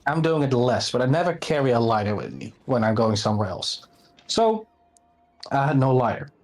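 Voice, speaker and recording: A man's voice: medium pitch, very animated, normal speed, a little mellow. A man from the Netherlands with a Dutch accent, telling a rambling anecdote on a live stream in casual chat.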